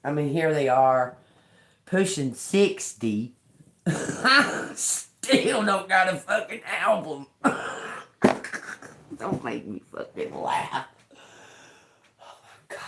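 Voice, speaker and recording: Gravelly, laughing, profane woman tarot reader. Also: deep voice, takes it slowly, long pauses. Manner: profane, laughing often, animated. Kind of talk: live tarot reading, casual ranting. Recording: roomy echo.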